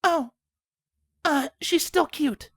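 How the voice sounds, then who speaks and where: Woman voicing a timid young pegasus mare, soft-spoken, gentle, high. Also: takes it slowly, no room sound, studio quality. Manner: soft and gentle, calmly stern when needed. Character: gentle shy young female pegasus pony.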